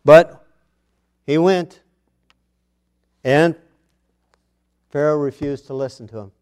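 A man preaching a sermon in an unhurried, deliberate way, with a voice that sits a little high for a man. He reads scripture with strong emphasis, then drops to quiet, hushed asides before rising again into loud, dramatic declaring. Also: clean tone. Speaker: pastor.

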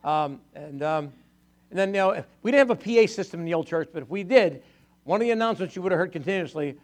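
A man's voice: sits high, lively intonation, quick pace. An older man preaching to his church, telling personal stories in a chatty way, laughing often and acting out the voices of people he quotes. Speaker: pastor. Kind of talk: storytelling sermon testimony.

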